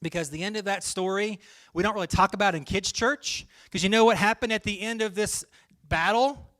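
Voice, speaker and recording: A man preaching a sermon the way he would tell a story to friends, casual and full of jokes. His voice is fairly high and bright, and it carries with some force. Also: brisk. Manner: conversational, jokey storytelling. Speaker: pastor.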